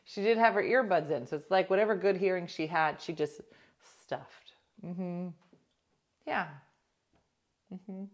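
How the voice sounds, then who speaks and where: A woman hosting a casual livestream, chatting to viewers and telling a gossipy story, dropping to hushed asides now and then. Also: lowish voice, unhurried, pauses often. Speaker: livestream host. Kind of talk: casual chat reading viewer comments.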